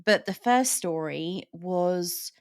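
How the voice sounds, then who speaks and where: A woman with a somewhat low voice talks a novel through in relaxed conversation. She explains her points carefully, pausing to find the right words. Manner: explanatory, thoughtful. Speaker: book discussion host. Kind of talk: casual book chat.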